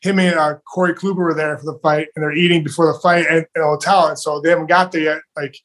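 A man speaks quickly in a rather high voice, rambling through his stories. He jumps between scenes and acts out what other people said. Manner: rambling, animated, acts out quotes. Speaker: professional fighter, guest. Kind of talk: casual interview storytelling.

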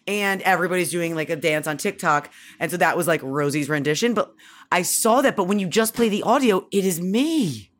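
A woman's voice: fairly low pitch, a little fast. A woman in her forties co-hosting a radio show, chatting and telling stories with plenty of exclamation. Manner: animated, exclamatory, storytelling. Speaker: radio co-host. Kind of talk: casual radio banter.

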